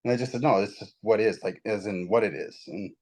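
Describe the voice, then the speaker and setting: A man in casual spiritual conversation, telling his story in a rambling, animated way with many restarts. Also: on the low side, brisk, rough recording. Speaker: guest.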